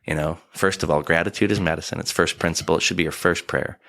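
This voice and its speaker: Man, 40s, podcast guest, deep voice, reflective and animated. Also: fast, vocal fry. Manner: earnest, animated storytelling with acted-out asides. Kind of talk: reflective conversational talk. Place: studio, in person.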